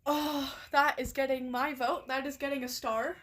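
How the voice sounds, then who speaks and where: A woman's voice: sits high, flat delivery, normal speed, fairly bright tone. A young woman streamer reading an interactive story aloud on a live stream, reacting with emotion, laughing and swearing freely.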